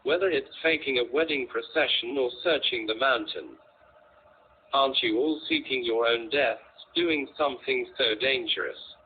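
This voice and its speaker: A man's voice: mid-range voice, normal speed, slightly rough, close to an everyday voice. A man voicing a timid young woman who pleads hesitantly, heard over a tinny line. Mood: pleading. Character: timid plump young woman, frightened but brave. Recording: tinny, lo-fi, faint noise.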